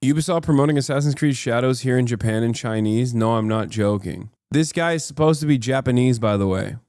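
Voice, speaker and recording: A man's voice: mid-range voice, a little mellow, no room sound, studio quality. A man streaming live reaction commentary, ranting combatively, swearing a lot and cutting himself off with fillers. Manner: fast, with many fillers and self-cut swear words. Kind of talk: casual livestream reaction commentary.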